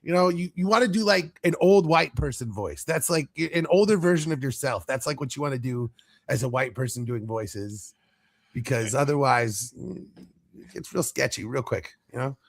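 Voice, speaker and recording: A man's voice: mid-range voice, moderate pace, gravelly. An American man hosting a sports podcast, talking bluntly and swearing through a casual rant. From United States. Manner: blunt, profane rants. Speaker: podcast host.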